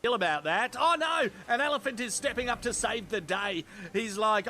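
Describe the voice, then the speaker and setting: A man's voice: sits high, lively intonation, moderate pace, pushed and bright, a little hiss or hum. An Australian man doing sarcastic, sweary comedic voice-over commentary on viral clips. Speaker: video reviewer.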